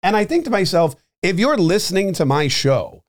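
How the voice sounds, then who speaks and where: A man's voice: sits high, sing-song, moderate pace. Rambling man hosting a podcast. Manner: rambling, conversational, with frequent fillers and restarts. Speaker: podcast and radio host. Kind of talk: casual monologue.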